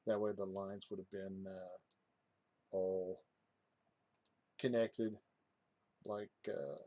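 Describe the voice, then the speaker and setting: A man giving a casual software walkthrough, hesitant, with many fillers and restarts. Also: low-pitched, flat delivery, slow, dry recording. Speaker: software reviewer. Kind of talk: casual screen-recorded tutorial.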